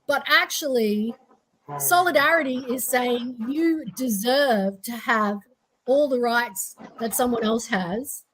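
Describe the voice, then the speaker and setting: A woman with a high, light voice talks through her ideas in relaxed podcast chat. She sounds earnest and reflective, pausing on ums and restarting her sentences. A faint hiss sits under her voice. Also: low-quality recording. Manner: earnest, reflective, with frequent fillers. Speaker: co-host.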